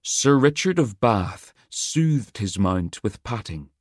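A man narrates a dramatic tale at an unhurried, deliberate pace, in a somewhat low voice. The recording is close and dry, with no room sound at all. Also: very animated, no echo. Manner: measured, dramatic storytelling. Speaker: audiobook narrator. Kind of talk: scripted narration.

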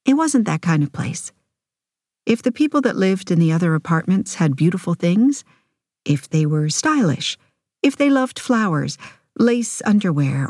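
A woman narrating an audiobook in measured, intimate first person, recorded on a close studio mic. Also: fairly low pitch, darkish tone, no echo.

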